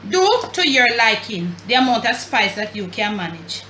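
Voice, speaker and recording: A woman's voice: medium pitch, lively intonation, moderate pace, hardly any pauses, distant mic, background noise. Chatty Jamaican woman cooking in an echoey kitchen. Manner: chatty, addresses viewers as family and y'all. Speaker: cooking show host. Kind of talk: casual cooking demonstration. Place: home kitchen.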